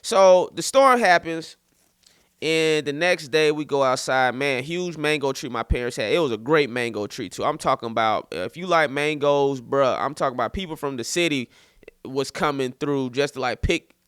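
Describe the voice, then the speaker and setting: A man's voice: mid-range voice, normal speed, smooth, no room sound, studio quality. A man in his thirties hosting a podcast, telling a story casually and acting out quotes. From St. Petersburg, Florida. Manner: animated, loose, repeats words and acts out quotes. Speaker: podcast host and comedian.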